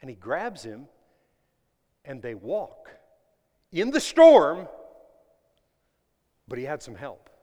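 A man preaching a sermon to his congregation, swinging between loud emphatic lines and hushed ones and asking them questions. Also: a little high, wildly swooping pitch, slow, pauses often. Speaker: pastor. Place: church sanctuary. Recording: long reverb of a large hall.

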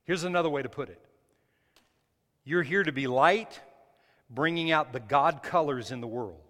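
A man's voice: on the high side, normal speed, pushed and bright. A male pastor preaching a sermon in a church, emphatic, often restarting his phrases. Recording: hall reverb with faint music.

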